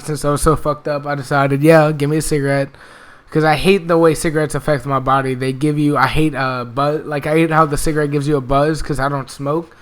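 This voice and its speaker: A man's voice: fairly high pitch, a bit bright. A young man telling a rambling, profane story in casual speech, filling it with "like" and "well.".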